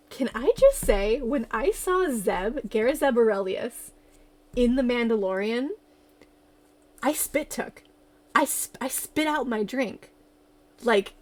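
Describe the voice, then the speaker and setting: A woman livestreamer in casual chat, excitable and giggly as she gushes like a fan. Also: a little high.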